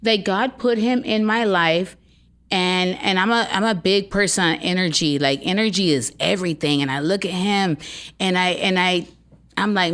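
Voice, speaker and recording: A woman's voice: medium pitch, expressive, moderate pace, fairly bright tone. A woman in her fifties talking earnestly and bluntly in a casual podcast chat, swearing freely.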